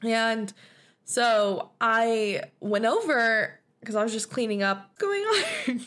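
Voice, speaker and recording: A woman's voice: fairly high pitch, animated, takes it slowly, fairly bright tone. A young woman hosting a podcast, telling a personal story in a blunt, profane, casual way and laughing often. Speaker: podcast host.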